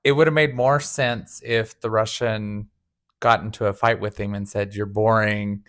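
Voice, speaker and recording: A man's voice: on the low side, fairly even intonation, measured pace, fairly bright tone. A man co-hosting a casual review chat, recapping scenes in a rambling way and hedging with "like". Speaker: co-host reviewing a TV series.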